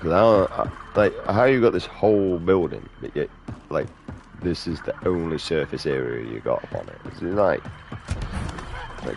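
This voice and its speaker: Male streamer, extremely low voice, profane drawling banter, faint hiss behind. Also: gravelly, a little mellow. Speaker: gaming streamer. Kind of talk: casual commentary while playing.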